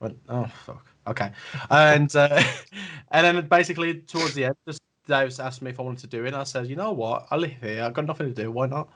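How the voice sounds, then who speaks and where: A man's voice: mid-range voice, brisk, pushed and bright. Hesitant man on a video call. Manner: hesitant, filler-heavy. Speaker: camera crew member. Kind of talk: casual video call chat.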